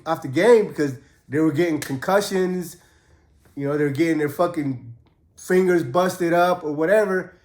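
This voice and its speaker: Man, slightly high voice, casual and profane storyteller, echoey room. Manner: laid-back, profane, acts out quotes in a raised voice. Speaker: host telling prison stories. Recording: roomy echo.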